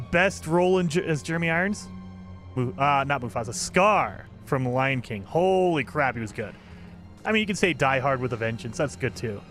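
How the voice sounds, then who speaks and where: Excitable man streaming a game. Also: mid-range voice. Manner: excitable, rambling asides. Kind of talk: live gameplay commentary. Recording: over game music.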